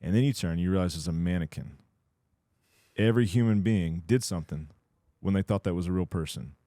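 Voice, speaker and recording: A man's voice: low voice, fairly quick, warm tone, no room sound, clean studio sound. A man co-hosting a coaching podcast, talking through ideas in a reflective, explanatory way. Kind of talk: casual podcast discussion.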